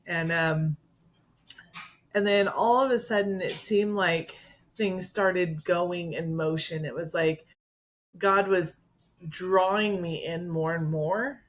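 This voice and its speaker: A middle-aged woman with a fairly low voice recounts how she came to faith, speaking loosely and chattily. She pauses on fillers and lets small laughs slip in as she tells her story to her co-host. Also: fairly even intonation. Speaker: podcast co-host. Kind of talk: personal testimony, casual chat.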